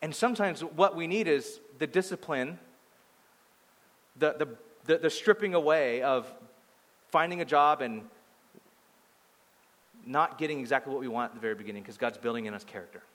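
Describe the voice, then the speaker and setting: A man preaching a sermon as pastor, telling the story in an animated way that swings from loud to hushed. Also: mid-range voice, normal speed, pauses often. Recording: long hall reverb.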